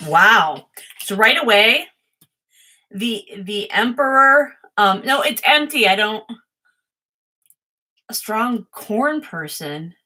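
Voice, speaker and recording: A woman's voice: on the high side, expressive, takes it slowly, pauses often, pushed and bright. A woman doing a casual, chatty tarot reading, rambling and easily distracted, often giggling.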